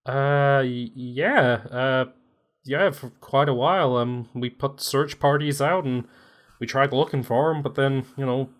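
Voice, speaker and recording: Laughing, chatty game master. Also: medium pitch. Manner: chatty, laughing narration with quick asides. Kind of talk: narrating a tabletop game.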